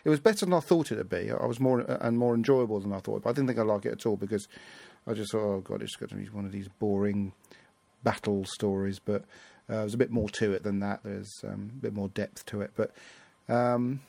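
A man's voice: on the low side, steady tone, fairly quick, vocal fry, warm tone, no echo. A man hosting a casual review chat, rambling and hesitant with many fillers. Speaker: podcast host.

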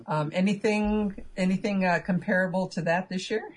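A woman's voice: medium pitch, fairly even intonation, moderate pace. A woman co-hosting a podcast, asking a guest friendly questions. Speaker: podcast co-host. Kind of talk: casual interview.

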